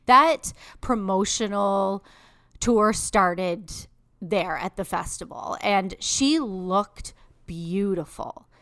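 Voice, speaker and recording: Gravelly-voiced chatty woman. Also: mid-range voice, drawn-out words, a bit bright, no room sound, clean studio sound. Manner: chatty, lots of fillers and likes. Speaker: podcast co-host. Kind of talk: casual chat.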